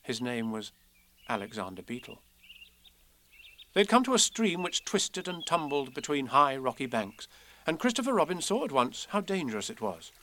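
A man reading children's poems and a storybook aloud in a measured, expressive way. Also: mid-range voice, slight background noise. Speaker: narrator.

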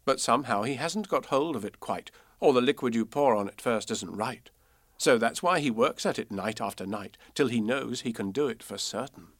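A man reads children's poems and a storybook aloud in a measured, expressive way. His voice sits in a middle register. The recording is very dry and close, with no room sound. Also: mid-range voice, no echo. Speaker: narrator. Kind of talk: storybook and children's verse reading.

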